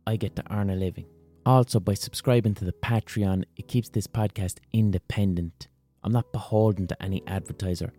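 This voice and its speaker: An Irish man in his thirties hosting a podcast, talking in a sweary, rambling, animated monologue. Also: on the low side, brisk, soft background music. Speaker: podcast host. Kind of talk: casual monologue.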